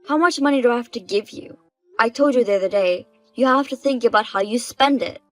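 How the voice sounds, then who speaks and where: A woman's voice: a little high, fairly quick, faint music behind, rough recording. A woman voicing the wronged wife in a dubbed story drama, speaking plainly and with indignation.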